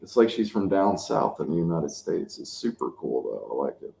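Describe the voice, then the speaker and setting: A channel host in his fifties chats casually and spins rambling anecdotes in a low, creaky, dark-toned voice. He is very animated but keeps a normal speed, and the recording carries the echo of the room.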